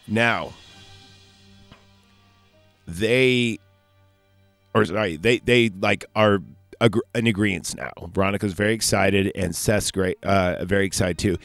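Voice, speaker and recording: Male podcast host, casual rambling recap, low tone, dry room. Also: fairly even intonation, takes it slowly, long pauses, a bit bright, dry recording, faint music behind. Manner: rambling, loose, self-correcting. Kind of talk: casual solo film recap.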